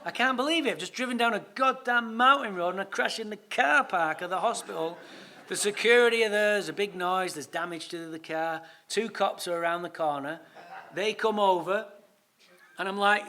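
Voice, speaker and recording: A man with an English accent tells his story to a recovery meeting, lively and funny, with swearing thrown in. His voice sits high for a man and has a bright, sharp edge. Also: brisk. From England. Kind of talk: storytelling talk.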